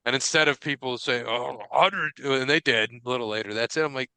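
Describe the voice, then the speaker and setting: A man chatting on a sports podcast, his voice very bright and clear. He tells stories with a lot of swearing and acts out what everyone said. The sound is dry and close. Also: medium pitch, fairly quick, no echo. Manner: profane, animated storytelling with quoted dialogue. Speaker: podcast co-host. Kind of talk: casual chat.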